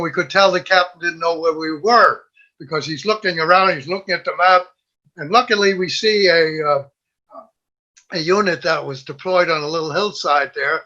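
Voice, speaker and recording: An older man, a war veteran, telling an animated story and quoting others in a lifted voice. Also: on the high side. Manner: lively storyteller, quotes others in raised voice, laughs at own tale. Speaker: WWII veteran guest. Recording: dull lo-fi audio.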